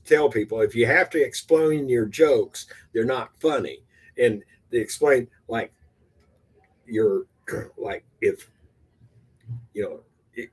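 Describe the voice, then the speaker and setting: Brief: older man from Texas, husky voice, rambling self-deprecating vlog talk. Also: medium pitch. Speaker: amateur stand-up comedian. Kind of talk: casual vlog, rehearsing stand-up.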